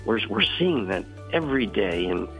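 A man's voice: big pitch swings, normal speed, faint music behind, low-quality recording. A man, a ministry leader, telling earnest stories in an interview and acting out quoted dialogue. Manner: earnest, acts out quoted dialogue with rising pitch. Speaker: CEO of a boys' outdoor ministry, guest.

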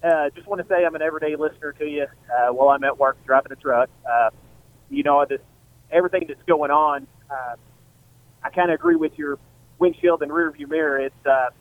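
A man's voice: on the high side, brisk. Trucker guy calling in on a tinny phone line, plain and a bit hesitant. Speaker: caller, truck driver. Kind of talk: phone-in call.

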